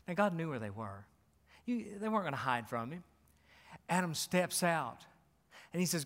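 High-voiced man preaching in a hall. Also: animated, fairly quick, fairly bright tone. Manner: emphatic, repetitive, rhetorical questions. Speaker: pastor. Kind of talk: sermon. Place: church sanctuary. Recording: long hall reverb.

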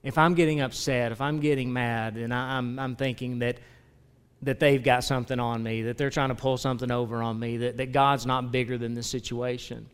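A man preaching a sermon as pastor, earnest, moving between quiet confession and loud, emphatic preaching. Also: mid-range voice, little pitch movement, brisk, clean tone. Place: church sanctuary. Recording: long reverb of a church hall.

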